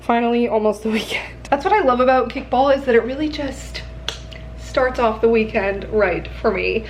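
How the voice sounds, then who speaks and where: Young woman in her twenties, casual vlog chatter, somewhat high voice, roomy echo, faint background hum. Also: normal speed. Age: 20s. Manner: chatty, rambling, often laughing. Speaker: lifestyle vlogger. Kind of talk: casual vlog talk to camera. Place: apartment and city streets. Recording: echoey room, faint ambient noise.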